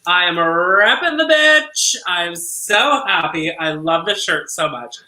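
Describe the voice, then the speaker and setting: Campy drag co-host in an echoey room. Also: male voice, high-pitched, animated, unhurried, sharp tone. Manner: campy, gushing, laughs a lot. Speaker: co-host of a drag review show. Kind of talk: casual live-stream chat.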